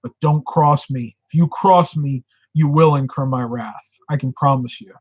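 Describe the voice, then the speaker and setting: A man's voice: mid-range voice, normal speed, a little mellow, no echo, dull audio. A middle-aged man from upstate New York, host of a casual live stream, talking with viewers and telling stories. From upstate New York, United States. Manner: chatty, tells stories and answers viewer comments.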